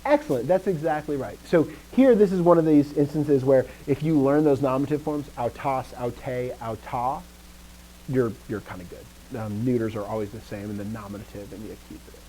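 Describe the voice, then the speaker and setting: A man's voice: normal speed, slight background noise, poor audio. Casual man teaching a Greek class. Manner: casual, self-correcting, frequent "like" and "okay?"; acts out emphasis with louder, higher stressed words. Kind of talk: classroom lesson.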